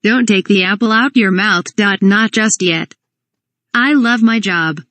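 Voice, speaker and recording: A woman's voice: medium pitch, moderate pace, no echo, lightly acted. Woman doing a sleazy Euro-accented photographer man. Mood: leering. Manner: cheesy put-on European accent, laughing. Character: sleazy excitable male fashion photographer.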